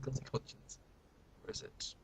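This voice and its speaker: A man's voice: moderate pace, slight background noise. A young British man talking to camera at home in a rambling, self-mocking, mock-dramatic way. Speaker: vlogger. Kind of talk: casual chat to camera.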